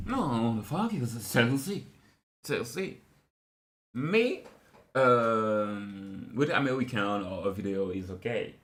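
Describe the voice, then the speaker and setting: Slow, halting man streaming live. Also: medium pitch, animated, a bit bright, soft background music. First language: French. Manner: halting, searching for words, many restarts. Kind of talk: casual live-stream commentary.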